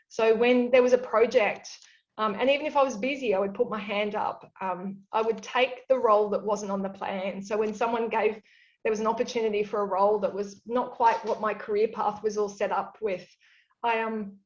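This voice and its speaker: A woman's voice: medium pitch, darkish tone, lo-fi sound. A woman speaking at an awards evening, giving candid, earnest career advice from a home office over a video call, with many fillers and restarts. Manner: self-described extrovert. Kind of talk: reflective advice talk.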